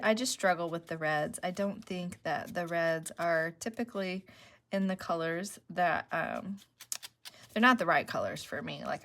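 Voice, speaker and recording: A woman's voice: on the low side, a bit bright. A woman hosting a casual craft tutorial, chatting and explaining each step as she works. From Northeast Ohio. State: emotional, voice dropping low. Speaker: crafting channel host.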